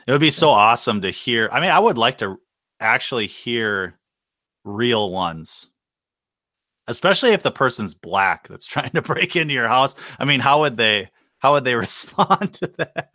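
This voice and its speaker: A man's voice: medium pitch, expressive, moderate pace, pushed and bright, dry recording, clean studio sound. A man co-hosting a casual podcast, rambling and laughing through joking asides. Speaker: podcast co-host. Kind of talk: casual chat.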